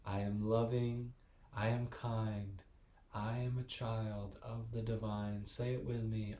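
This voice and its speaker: A man leading a restorative yoga class with slow, soothing, gently encouraging guidance and meditation cues. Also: fairly low pitch, little pitch movement. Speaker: yoga teacher. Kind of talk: guided meditation and yoga instruction. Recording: echoey room.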